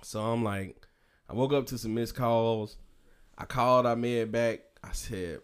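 A man's voice: medium pitch, measured pace, smooth. Laughing man telling a wild story. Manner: animated, laughing, profane storytelling with quoted dialogue. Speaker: podcast co-host. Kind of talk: casual storytelling among friends.

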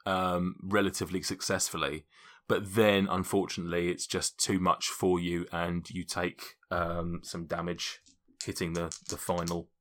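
Male game master, rambling and chatty, low bright voice. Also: flat delivery, normal speed. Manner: rambling, self-correcting, laughs often. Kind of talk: casual tabletop game narration.

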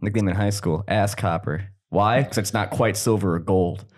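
Minnesotan man, co-host, crude jokey banter, quick to laugh. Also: fairly low pitch, a little mellow. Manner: joking, laughs often.

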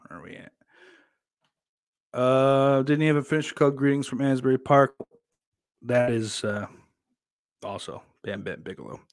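A man's voice: medium pitch, normal speed, pauses often, no room sound. Young guy streamer, swears a ton, rambly and blunt, right up on the mic. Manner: blunt, profane, rambling with restarts and laughs. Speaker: streamer reading chat. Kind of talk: casual profane live-stream chat about wrestling. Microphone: desk mic close up.

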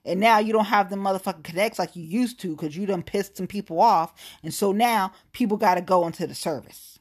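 A woman's voice: mid-range voice, fairly quick, a little mellow, slightly rough. A woman delivering a blunt, heated political rant, swearing constantly.

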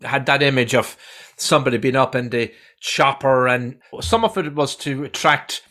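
A man's voice: medium pitch, normal speed, sharp tone. A man hosting a podcast interview, asking questions and reacting readily. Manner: reactive, lots of "oh" and "yeah". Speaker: podcast host. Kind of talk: casual interview chat.

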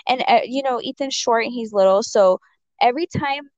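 A woman with a fairly high voice tells a story at a brisk pace during a casual chat, rambling with lots of fillers and acting out the quotes. The recording is dull, dry, and lo-fi.

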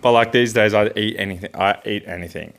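A young Australian man with a lowish voice, spinning a loose anecdote on a casual podcast. He rambles along easily and pads his sentences with fillers. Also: quick pace, creaky, fairly bright tone. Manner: rambling storyteller, lots of fillers and restarts, laughs easily. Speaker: podcast co-host. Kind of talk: casual chat.

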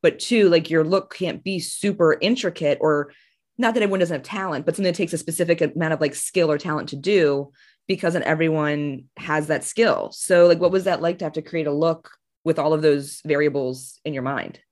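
Deep-voiced woman hosting a chatty podcast. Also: brisk, a little mellow. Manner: chatty, rambling, heavy use of "like". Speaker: podcast host. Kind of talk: casual podcast chat.

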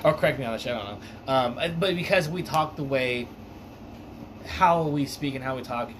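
A man from Alaska chats loosely on a podcast, trailing off into fillers and dropping curses as he goes. There's a clear hiss of noise under the recording. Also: medium pitch, moderate pace. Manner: rambling, profane, many fillers and restarts. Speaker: podcast co-host. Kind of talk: casual podcast chat.

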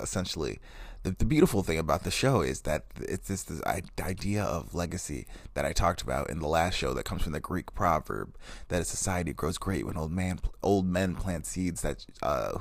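Male podcast host, 20s. Low, lively delivery with a rambling, profane, self-interrupting manner. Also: fairly quick, creaky, no room sound. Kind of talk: casual solo podcast chat. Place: in bed at home.

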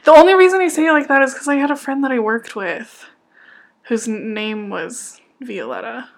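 A woman's voice: sits high, moderate pace. A woman co-hosting a casual chat, reading nominees and joking at her own stumbles over names. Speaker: co-host. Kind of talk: casual chat about music awards.

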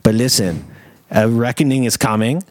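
A man's voice: mid-range voice, normal speed, no room sound, natural voice. A man putting on a German accent, doing a blunt, aggressive, sweary German film director on a comedy podcast. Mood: deadpan. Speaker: comedy podcast guest impersonation.

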